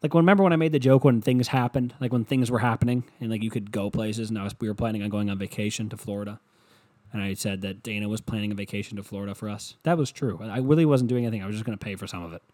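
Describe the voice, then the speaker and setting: A man's voice: lowish voice, rapid-fire, dark tone. Rambling, foul-mouthed comedic rant from a man. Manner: rambling, profane, mocking.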